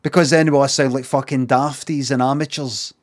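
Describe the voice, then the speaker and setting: A Scottish man livestreaming, talking in a casual, sweary, animated rant. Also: mid-range voice, a little fast.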